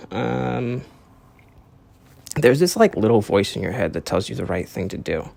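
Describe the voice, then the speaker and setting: A man's voice: on the low side, expressive, a little slow, gravelly, darkish tone. A young man hosting his own podcast, talking in a casual, profane, rambling monologue with earnest lecturing. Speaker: podcast host.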